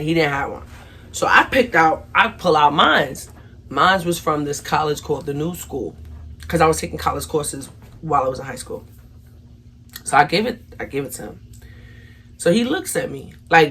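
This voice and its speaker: A young woman with a New York accent telling a storytime vlog, animated and acting out the quotes, talking straight to her viewers. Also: low-pitched, normal speed, a little hiss or hum. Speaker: vlogger.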